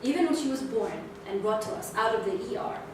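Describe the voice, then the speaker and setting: This young woman's voice sits on the high side, and she talks quickly and with lots of energy as she tells a playful story in a prepared club speech. The meeting room echoes, the microphone is far off, and background noise comes through.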